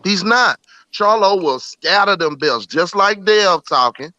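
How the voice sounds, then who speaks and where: A man's voice: high-pitched, animated, measured pace, sharp tone, dry recording, muffled recording. A man co-hosting a casual boxing debate, talking in a brash, blunt, slangy way. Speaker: podcast co-host.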